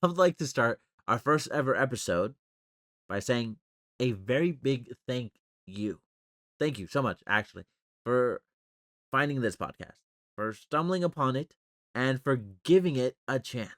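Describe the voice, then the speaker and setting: A man's voice: medium pitch, expressive, unhurried, fairly bright tone, dry recording, studio quality. A man hosting his own podcast, rambling and joking about himself in a casual monologue. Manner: rambling, joking and self-deprecating. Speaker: podcast host.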